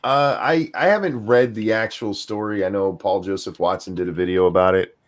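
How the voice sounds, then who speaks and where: Older guy hosting a chill podcast chat, a bit low, rambly with lots of ums. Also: brisk. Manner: relaxed, rambling with fillers. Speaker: host.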